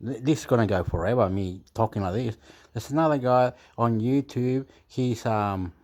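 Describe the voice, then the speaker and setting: A man's voice: medium pitch, moderate pace, a little mellow. Rambling man. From Chile. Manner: meandering, self-deprecating, laughs often. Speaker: YouTuber. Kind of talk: rambling casual monologue.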